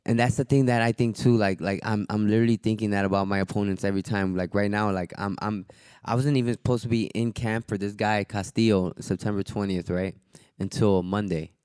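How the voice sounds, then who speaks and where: Brisk and fairly low, this fighter's voice comes through clean and studio quality, with no room sound. Chatting casually on a podcast, he tells profane stories and animatedly performs other people's lines out loud.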